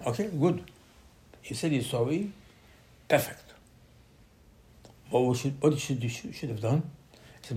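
A middle-aged man giving an animated Torah sermon, acting out quotes with sudden loud bursts. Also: medium pitch, normal speed, pauses often. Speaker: rabbi.

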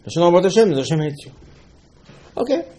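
Animated man teaching Torah. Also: high voice, quick pace. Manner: animated, acts out dialogue in rhetorical questions; mixes Hebrew terms into English. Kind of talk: Torah lesson on the weekly portion.

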